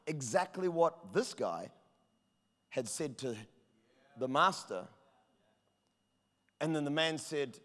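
A man preaching a sermon as pastor, driving points home with emphasis and rising to shouts. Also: fairly high pitch, very animated, slow pace, vocal fry, pauses often. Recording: long reverb of a large hall.

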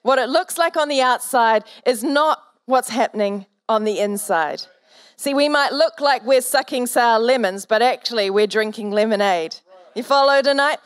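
A woman's voice: a little high, normal speed, clear, resonant tone, no room sound, studio quality. A woman pastor preaching a sermon, telling a story earnestly and building to fervent exhortation.

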